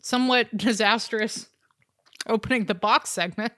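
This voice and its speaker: A woman's voice: a little high, a little slow, a bit bright, dry recording. A woman co-hosting a podcast in casual, rambling chat over a call, laughing often. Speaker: podcast co-host. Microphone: remote call recording.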